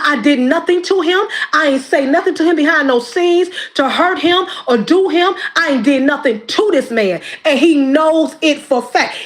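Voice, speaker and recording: High-pitched woman, impassioned and preachy. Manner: preachy and emphatic, repeats phrases. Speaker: YouTube creator. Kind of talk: impassioned direct-to-camera monologue.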